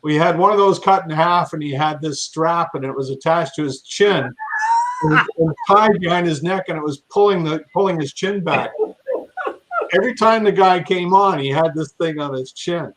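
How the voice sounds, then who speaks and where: A man's voice: a little high, normal speed, a bit bright, low-quality recording. A man chatting casually as a guest, rambling and enthusiastic, repeating his phrases. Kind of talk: casual chat.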